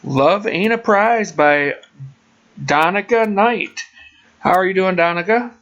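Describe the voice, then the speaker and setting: A woman's voice: medium pitch, takes it slowly, muffled recording. A woman hosting a casual interview, friendly and brief in her replies. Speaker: radio host.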